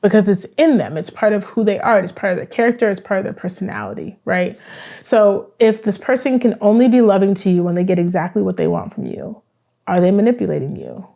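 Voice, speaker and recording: Woman, therapist, casual explainer, mellow warm tone, middle pitch, keeps asking "right?". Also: animated, a little fast, vocal fry. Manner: chatty, acts out both sides of dialogues. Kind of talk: conversational explainer monologue.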